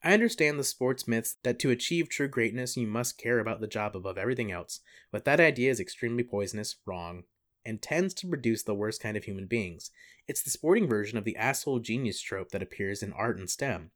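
A man's voice: fairly low pitch, fairly quick. Joking young man reading aloud. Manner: joking, laughs often, deadpan readings. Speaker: podcast co-host. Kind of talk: casual comedic chat, reading an answer aloud.

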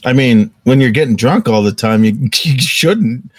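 A man's voice: medium pitch, lively intonation, moderate pace, slightly rough, dry recording. A man co-hosting a podcast in casual chat, easygoing and jokey. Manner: easygoing, jokey, drops into mock accents. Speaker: podcast co-host.

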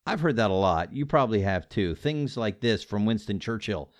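A man's voice: on the low side, lively intonation, normal speed, few pauses, no room sound, studio quality. Upbeat motivational male podcast host. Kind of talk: motivational interview chat.

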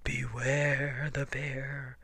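A woman voicing a big, hungry male bear in a storybook, with a slow, growly delivery. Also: very deep voice, level tone, sharp tone, slightly rough, dry recording, voice pushed down, full character voice. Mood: menacing.

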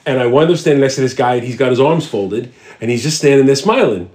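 Male podcast co-host, mid-pitched, swears freely, casual rambling storyteller. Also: lively intonation, fast talker, a little mellow. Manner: profane, rambling anecdote-telling.

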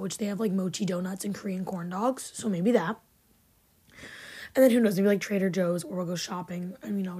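A woman's voice: mid-range voice, warm tone, husky. A woman in her twenties hosting a podcast in casual chat, rambling and chatty with plenty of "like". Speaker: podcast host.

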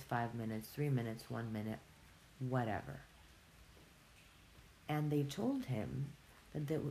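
Woman, unhurried reflective monologue, low raspy tone, faint hiss behind. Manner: slow, musing, with soft whispered phrases.

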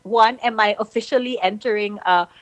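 A woman's voice: medium pitch, normal speed, no room sound, poor audio. A woman from the Philippines calling a podcast, chatty and laughing easily as she tells her story. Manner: chatty, frequent laughs and fillers. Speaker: caller. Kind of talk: casual chat telling a personal story.

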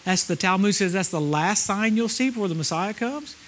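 A middle-aged man preaching a sermon at a church service, animated, swinging from loud exclamations to low murmurs. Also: brisk, slight background noise. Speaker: guest preacher.

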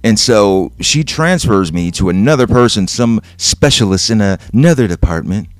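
Podcast host, male, low voice, heated sarcastic rant with faint music under it. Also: expressive, moderate pace, no echo. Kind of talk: ranting monologue.

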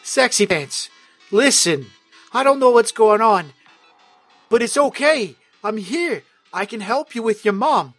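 A man's voice: sits high, animated, a little slow, fairly bright tone, voice pushed up, full character voice. A wheedling mob boss husband, put on by a man, pleads in a raised, coaxing voice and reaches for one sweet pet name after another. His tone is slick and persistent. Faint music runs underneath. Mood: pleading.

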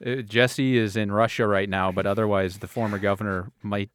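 A man's voice: fairly low pitch, fairly even intonation, moderate pace, smooth. A man hosting a casual comedic podcast. He rambles through a story, fumbling his words and laughing at himself. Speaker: podcast host.

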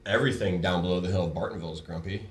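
A man's voice: low voice, racing, reverberant, noisy background. A man co-hosting a podcast, casually teasing his friend and correcting details. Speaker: podcast co-host. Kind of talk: casual chat.

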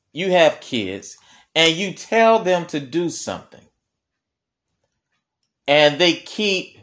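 A man preaching a sermon in a conversational way, repeating key lines slowly for emphasis. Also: a little high, fairly bright tone.

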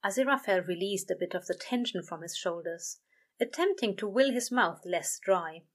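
A woman reads a story aloud in a gentle, even storytelling voice. Her narration sits at an ordinary pitch for a woman and moves at a steady pace. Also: normal speed. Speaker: reader. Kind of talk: reading fan fiction aloud.

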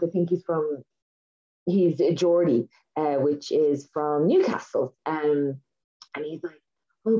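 On dull lo-fi audio, a podcast co-host with a low-pitched, warm voice chats casually. She tells her story eagerly and ramblingly, leaning heavily on fillers.

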